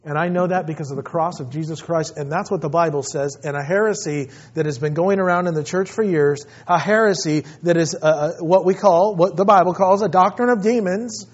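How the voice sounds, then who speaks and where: High-voiced impassioned male preacher. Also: fairly quick, hardly any pauses. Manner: impassioned preaching, swinging from hushed to loud. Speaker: pastor. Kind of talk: sermon. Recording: slightly dull, muffled sound.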